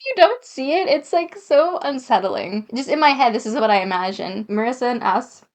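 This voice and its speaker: A woman's voice: on the high side, lively intonation, normal speed. A young woman playing a mobile dating game, reading it aloud with rambling, sarcastic asides. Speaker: gaming YouTuber. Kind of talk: let's play commentary.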